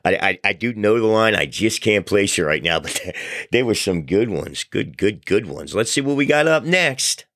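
A man hosts a casual talk podcast, chatting loosely and poking fun at himself. His voice is deep and forceful. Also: lively intonation, normal speed. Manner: chatty, loose, self-deprecating storyteller. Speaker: podcast host. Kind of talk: casual talk show monologue.

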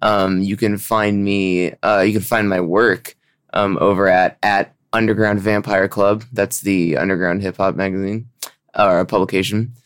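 A young man is a guest on a casual podcast, giving his plugs in a loose, halting way full of fillers. His voice sits a little low. The sound is dry. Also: little pitch movement, no echo. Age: young adult. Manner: loose, hesitant with many fillers. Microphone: remote over Wi-Fi.

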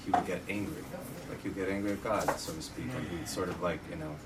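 A man's voice: low-pitched, steady tone, fast talker. A man in a Torah class sharing a story from a friend, talking hesitantly with many fillers. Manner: hesitant, full of "like" and "you know". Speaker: student in the class. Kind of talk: casual remark in class. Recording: distant voice with loud background noise.

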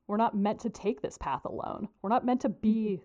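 A woman's voice: medium pitch, normal speed, darkish tone. A woman host in casual chat, frank and chatty with lots of fillers. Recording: dull lo-fi recording.

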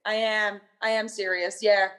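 A woman's voice: medium pitch, flat delivery, a little slow, fairly bright tone. A woman songwriter chatting casually as a podcast guest, talkative and self-mocking, laughing often.

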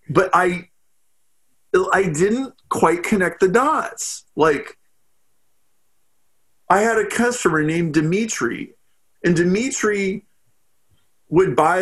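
A man guesting on a podcast, talking in an animated, storytelling way with lots of "like" fillers. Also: a little high. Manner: storytelling, quick bursts with frequent "like" fillers. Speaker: podcast guest, business strategist. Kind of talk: animated interview talk.

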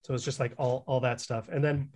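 A man's voice: mid-range voice, steady tone, a little fast, a little mellow. A young man co-hosting a podcast, telling a long story in casual chat, rambling and correcting himself as he goes. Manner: rambling, swears, self-corrects. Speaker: podcast co-host.

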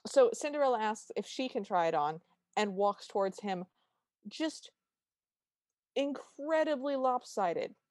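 A woman co-hosting a podcast recaps an episode in casual chat, storytelling animatedly and acting out quotes along the way. Her voice is on the high side, unhurried, with frequent pauses. The sound is studio quality with no echo.

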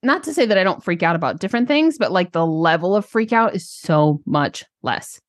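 Animated storytelling woman, dry close sound. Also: fairly low pitch, brisk, no echo. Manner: animated storytelling, acts out quoted lines. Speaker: podcast co-host, business coach. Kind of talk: casual chat.

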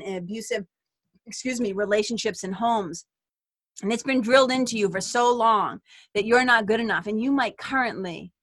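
A woman hosts a podcast with an earnest spiritual self-help talk, speaking straight to her listeners. Her voice is bright and forward. The sound is dry and close, from a small closet. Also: medium pitch, dry recording. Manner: earnest, direct address to listeners. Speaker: podcast host.

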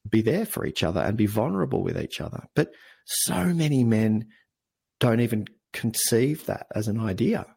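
An Australian man speaking as a podcast guest, telling stories in an earnest, animated way. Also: fairly low pitch, normal speed, gravelly, breathy edge. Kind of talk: conversational interview.

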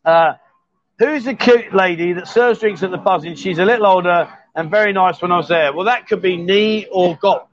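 A man's voice: sits high, normal speed, highs cut off. A man hosting a live stream from a bar, joking and teasing his guests in casual banter. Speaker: host.

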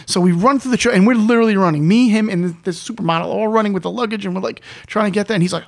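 A man telling a story in casual chat, animated, acting out the lines of the people he quotes. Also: sits high, racing, vocal fry, hardly any pauses. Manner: animated anecdote, acts out quotes. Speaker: guest storyteller.

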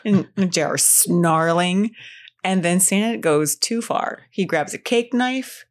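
A woman's voice: fairly low pitch, slow pace. A woman in her thirties co-hosting a casual film podcast, telling stories with lots of laughter. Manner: lively storytelling with frequent laughter. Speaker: podcast co-host.

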